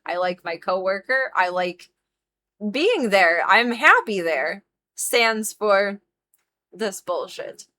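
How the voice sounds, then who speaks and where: A woman's voice: mid-range voice, lively intonation, slow, pushed and bright. A young woman streamer venting in a casual monologue to her chat, earnest and heated, full of "like" fillers and the odd swear.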